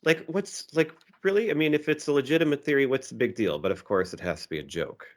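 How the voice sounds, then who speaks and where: A man's voice: medium pitch, big pitch swings, fast. A man co-hosting a podcast, talking eagerly about a film and acting out lines from it. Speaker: podcast co-host. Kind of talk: casual chat.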